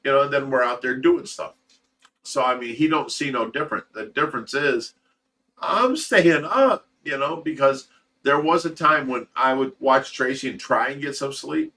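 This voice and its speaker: A man's voice: mid-range voice, fairly even intonation, moderate pace, bright, forceful tone, far from the mic. A man hosting a casual livestream, talking in an emotional, rambling way with repeated words and swearing. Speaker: host of a fish rescue livestream.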